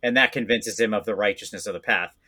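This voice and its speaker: A man chatting casually as a podcast guest, rambling and self-deprecating, quick to laugh at himself. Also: fairly low pitch, bright, forceful tone. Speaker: guest voice actor.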